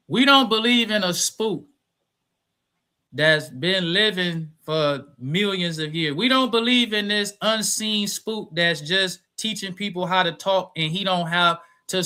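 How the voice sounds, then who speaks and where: A man's voice: sits high, sharp tone. A man debating over a live stream, insisting on his points and repeating them through interruptions.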